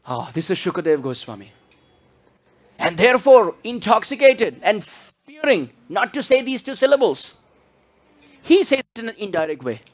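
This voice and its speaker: A man preaches in a lively, swooping voice that sits high for a man. He tells the story with animation and breaks into chanted scripture verses. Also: normal speed. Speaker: spiritual speaker. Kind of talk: sermon.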